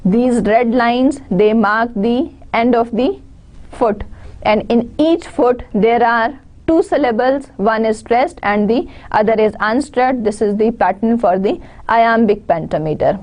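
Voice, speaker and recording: A woman's voice: on the high side, a little slow, darkish tone. A woman with a Pakistani English accent giving an online lecture, explaining step by step and restating her points. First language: Urdu.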